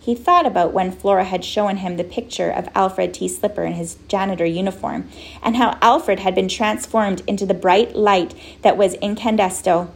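A woman narrating a children's storybook in a gentle, wry way. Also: mid-range voice, fairly even intonation, normal speed, vocal fry. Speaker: audiobook narrator.

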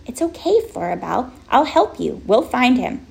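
A woman voicing a dreamy, wordy, self-absorbed boy who talks in an unhurried, musing way. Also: on the high side, sing-song, creaky, pitched above the performer's own voice, heavily acted. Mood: calm.

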